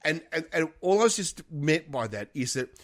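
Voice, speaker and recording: A man's voice: on the high side, expressive, moderate pace. A man from Australia co-hosting a podcast, rambling and joking, often apologizing. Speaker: podcast co-host. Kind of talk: casual chat.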